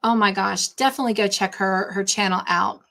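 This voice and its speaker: A woman hosting a casual live stream, warmly greeting chat viewers by name and chatting between tasks. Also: medium pitch, fairly even intonation, fairly quick, creaky. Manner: warm, effusive greetings to chat viewers, easily sidetracked. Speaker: livestream host.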